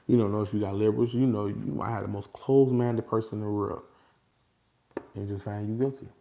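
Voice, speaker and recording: A man talking casually and without a script to his followers, animated and repetitive, often breaking into laughter. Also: fairly low pitch, a little fast, vocal fry. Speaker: vlogger addressing his followers. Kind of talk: casual unscripted monologue.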